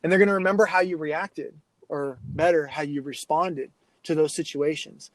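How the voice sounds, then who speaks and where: A man's voice: fairly high pitch, moderate pace, no echo, rough recording. A man who coaches youth sports, telling stories as a podcast guest and acting out the kids he quotes. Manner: animated anecdotes, acts out quoted kids. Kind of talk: storytelling in a casual interview.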